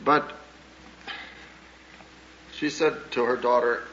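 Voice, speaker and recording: A man giving a sermon-style talk as a pastor and counselor, telling stories in an earnest, measured way with small hesitations. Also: medium pitch, bright, forceful tone. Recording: dull lo-fi old recording with faint hiss.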